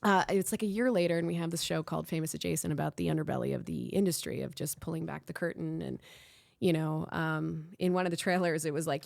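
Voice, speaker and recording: A woman hosting a podcast, telling a candid personal story in an animated way, swearing freely and acting out what people said. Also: on the low side, fast talker, gravelly. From Miami, Florida. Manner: animated, swears freely, acts out quotes with a rising voice. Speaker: podcast host.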